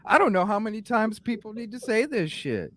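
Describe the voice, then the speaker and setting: Heated guy on a live podcast, swearing nonstop, voice swings all over, kinda high. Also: fairly quick. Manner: profane, animated, repeats "you know what I'm saying". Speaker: podcast host. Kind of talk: heated live-stream rant.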